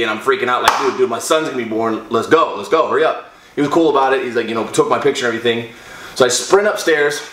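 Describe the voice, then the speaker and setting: A young man recounts a personal story to his viewers in a loose, rambling style, full of fillers and restarts. His voice sits at an ordinary middle pitch. The room around him is noticeably echoey. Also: sharp tone. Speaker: fitness vlogger.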